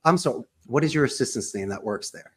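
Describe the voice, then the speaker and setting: A call center owner talks quickly and expressively as a podcast guest, his mid-range voice somewhat husky. In this animated interview he stays emphatic and punchy, dropping sports and pop-culture references throughout.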